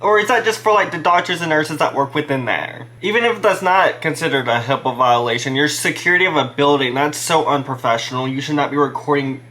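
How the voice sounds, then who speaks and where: A man's voice: on the high side, fairly quick, few pauses, sharp tone. A man hosting a reaction video, giving indignant, opinionated commentary. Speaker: commentary host.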